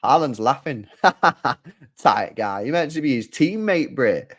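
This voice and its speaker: Young man, football watchalong streamer, excitable, loud reactive outbursts. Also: medium pitch, slow. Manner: excitable, shouting groans of disgust. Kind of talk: live football watchalong commentary.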